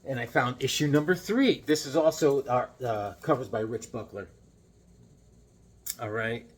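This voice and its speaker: A middle-aged man vlogging about comic books in a casual, rambling way, full of restarts and animated retellings. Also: medium pitch, a little slow, husky. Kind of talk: casual chat.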